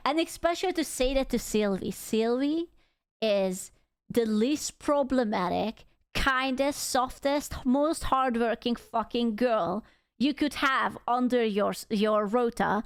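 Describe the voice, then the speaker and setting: A woman streamer reacting to videos, furious and profane. Her voice sits a little high and stays smooth and clear as she rants. She speaks slowly, leaning hard on each angry phrase. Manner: profane, heated ranting. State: angry and upset. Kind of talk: casual reaction commentary.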